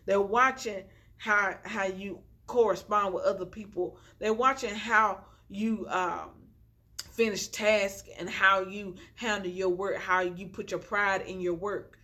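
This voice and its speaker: Slow and steady, her medium-pitched voice bright and forceful, a young woman talks to camera from the floor at home via a phone on a tripod with a ring light. As an inspirational vlogger she chats and preaches encouragement to her viewers, repeating "y'all" constantly.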